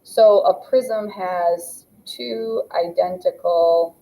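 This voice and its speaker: A woman's voice: fairly low pitch, very slow, dark tone, rough recording. A young adult woman teaching a math lesson, explaining step by step as she draws. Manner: patient, explains step by step while drawing. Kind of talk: classroom lesson narration.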